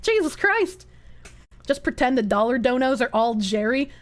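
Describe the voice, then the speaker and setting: High-voiced, giggly woman streamer. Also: very animated, moderate pace. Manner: giggly, swears often, reads chat. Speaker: livestreamer. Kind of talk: casual chat.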